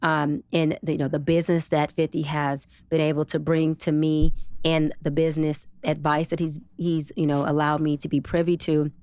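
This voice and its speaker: A woman guest on a podcast, a psychologist and TV producer, telling a personal story in a casual, expressive way with slang. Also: moderate pace, few pauses, clear, resonant tone, no room sound. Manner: expressive, casual and slangy, acts out quotes with big pitch jumps. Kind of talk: animated personal storytelling in an interview.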